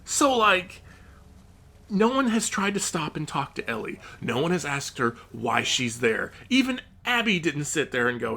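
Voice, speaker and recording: Brief: a swearing gaming commentator in an exasperated review rant, with a bright, tense tone. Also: mid-range voice, very animated, normal speed, creaky. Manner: exasperated, profane, ranting; frequent outbursts of rising disbelief.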